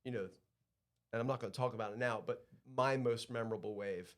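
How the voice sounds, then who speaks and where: A man's voice: medium pitch, steady tone, fairly quick. A man who runs a surf school, a podcast guest talking casually and reflectively, often restarting his sentences. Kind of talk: casual conversation.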